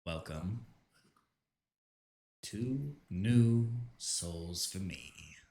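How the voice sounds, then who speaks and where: A man's voice: low voice, animated, very slow, warm tone, voice pushed down, exaggerated voice. A man doing a grave, echoing spirit voice. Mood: cold, judging. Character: male spirit voice, echoing and cold, judging souls. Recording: roomy, distant home mic.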